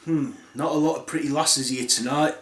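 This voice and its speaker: A man's voice: on the high side, steady tone, moderate pace, a bit bright, close to an everyday voice. A man voicing a lecherous, crude young prince, in an echoey room. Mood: leering. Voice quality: blunt, crude.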